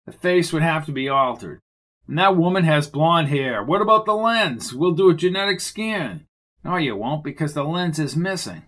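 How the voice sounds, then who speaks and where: Man reading steady cautious colleague, measured, reasoning, a bit higher voice. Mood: calm reasoning.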